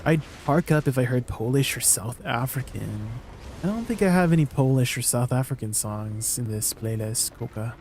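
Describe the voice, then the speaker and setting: Chatty Canadian man streaming, mellow voice. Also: medium pitch, expressive, moderate pace, slight background noise. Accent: Canadian English. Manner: chatty and playful, laughs often, asks viewers questions. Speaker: live streamer. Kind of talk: casual live-stream chat with viewers while gaming.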